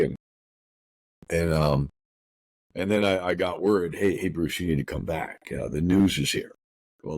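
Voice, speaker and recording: A middle-aged man hosting a podcast, telling a painful personal story in a rough, profane, rushed way full of restarts. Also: sits low, no echo. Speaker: podcast host.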